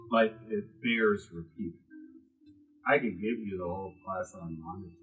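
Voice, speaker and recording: A man's voice: lowish voice, a bit bright, rough recording. A man teaching a class to a live audience, talking with strongly varied emphasis and casual asides.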